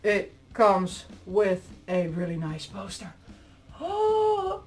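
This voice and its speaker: Excitable woman, unboxing chat, lively swooping voice, slow unhurried delivery, faint music behind. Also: mid-range voice. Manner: gushing and excitable, squealing over items; giggly. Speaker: vlogger reviewing dolls.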